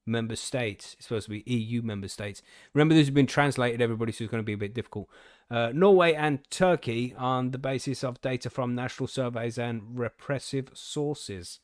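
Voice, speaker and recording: A man's voice: mid-range voice, a little mellow, no room sound. Laid-back man, dry close mic. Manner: laid-back, swears casually, laughs often. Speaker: podcast co-host. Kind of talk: casual chat, reading news aloud.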